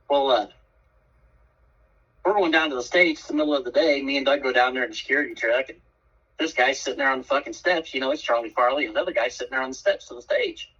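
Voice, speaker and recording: Blunt, husky man off the mic. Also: mid-range voice, distant mic. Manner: blunt, profane, lively storyteller. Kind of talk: casual storytelling chat. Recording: dull, muffled sound from off the mic.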